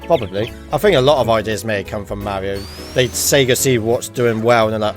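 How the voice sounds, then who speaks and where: A man hosting a casual gaming livestream, chatty and quick to laugh. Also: faint music behind. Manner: chatty, laughs often, lively pitch. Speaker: livestream host. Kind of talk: casual gaming stream chat.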